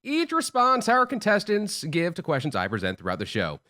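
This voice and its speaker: A man's voice: wildly swooping pitch, normal speed, bright, forceful tone. A man hosting a radio debate game show and refereeing it in a playful announcer style. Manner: playful announcer delivery, big swings in pitch. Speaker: host and referee.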